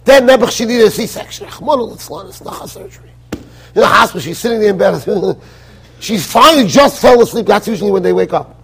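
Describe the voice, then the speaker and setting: An American man, a rabbi giving a Torah lecture in a yeshiva study hall, animated and full of rhetorical questions. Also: high voice, a little fast, creaky, slightly rough. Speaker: rabbi teaching a Torah class.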